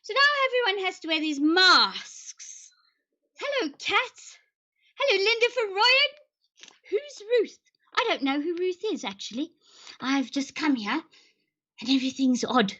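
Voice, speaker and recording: A woman voices a scatterbrained lady senator lost out of her own time. She rambles in a high, bright voice that swoops up and down. She keeps hopping between accents as she goes. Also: very animated, unhurried, muffled recording, exaggerated voice. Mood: rambling. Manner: rambling, theatrical, switches accents on a whim. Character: eccentric time-travelling lady senator from long ago. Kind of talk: improvised character live stream.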